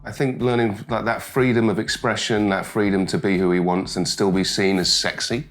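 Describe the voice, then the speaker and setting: A man's voice: on the low side, steady tone, moderate pace, a bit bright, soft background music. A British man, a talk show guest, chatting casually and rambling with lots of "you know" and "like". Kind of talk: casual chat.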